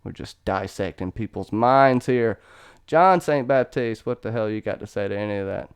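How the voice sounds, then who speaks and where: A man hosting a casual online discussion of a TV show, animated, joking and laughing as he talks. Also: lowish voice, normal speed, clear, resonant tone. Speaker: podcast host. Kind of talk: casual discussion on a video call.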